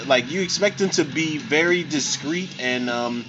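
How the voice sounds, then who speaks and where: A man from Philadelphia hosting a tipsy movie commentary, talking in an excitable, profane way with laughing asides. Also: on the high side, moderate pace, few pauses, highs cut off. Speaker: podcast host.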